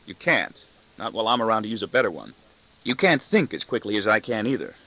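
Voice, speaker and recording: A man's voice: lowish voice, very animated, quick pace, bright, forceful tone, exaggerated voice, rough recording. A man voicing an arrogant, cutting corporate boss in an audiobook, with a sardonic, self-satisfied delivery. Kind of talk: audiobook reading.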